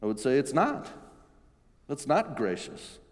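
Male pastor, mid-pitched, earnest and conversational, long hall reverb. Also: big pitch swings, a little slow. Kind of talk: sermon.

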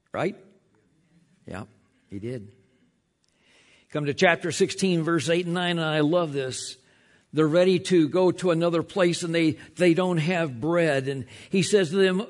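A man preaching a sermon as pastor, emphatic, often slowing and dropping to a hush on key lines, with frequent repeated words as he restarts. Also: fairly high pitch.

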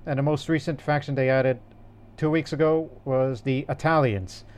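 A man chats casually on a gaming podcast, his voice smooth and clean. He rambles in an easygoing way, restarting sentences as he goes, mid-pitched and relaxed. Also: moderate pace. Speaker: podcast co-host.

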